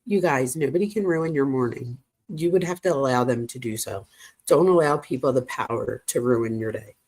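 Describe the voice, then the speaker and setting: A woman's voice: extremely low pitch, moderate pace, a little mellow. A woman hosting a true crime channel, chatting casually with viewers and adding frequent asides as she reads through text messages. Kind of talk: casual commentary reading text messages aloud.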